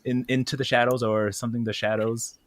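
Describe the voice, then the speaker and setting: A man hosting a casual livestream chat, halting and full of fillers, laughing easily. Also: medium pitch, flat delivery. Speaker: stream host.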